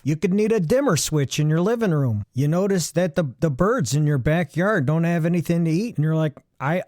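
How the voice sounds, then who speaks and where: A man hosting a comedy podcast, reading a deadpan fake ad in a rambling way, with asides and restarts. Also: on the high side, dry recording, clean studio sound.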